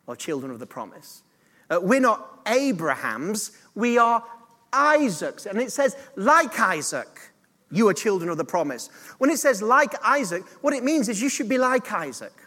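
A man's voice: sits high, a bit bright, in a large hall. A man preaching a sermon as pastor, earnest and direct, drawing the congregation into call-and-response.

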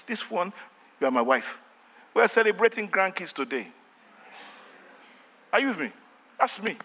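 An older man with a Nigerian accent, a pastor preaching a fervent sermon with shouted refrains and call-and-response, in a church hall with long reverb. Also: sits high.

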